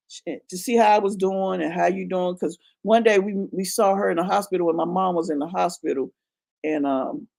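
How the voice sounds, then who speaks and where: A woman's voice: medium pitch, creaky, a little mellow. A woman in her fifties telling a story in a casual chat, frank and profane, laughing as she goes. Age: 50s. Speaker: channel host.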